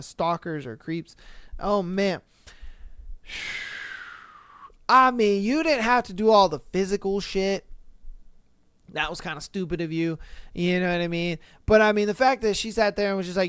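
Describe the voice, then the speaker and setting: A woman hosting a podcast, reading a listener's story aloud and reacting in an animated, slangy way with plenty of swearing. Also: on the high side, unhurried, dry recording, studio quality. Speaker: podcast host.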